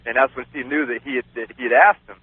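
A man's voice: mid-range voice, steady tone, fast, breathy edge. Rambling man telling a spooky story. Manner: rambling, laughs often, many "you know"s. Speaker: radio guest. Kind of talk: casual storytelling. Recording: dry, phone-like radio sound.

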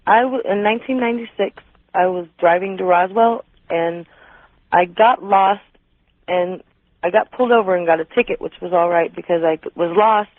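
A woman from New Mexico calling into a radio show, telling a story haltingly with ums. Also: on the low side, dry recording. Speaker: caller. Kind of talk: phone-in call. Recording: tinny phone line.

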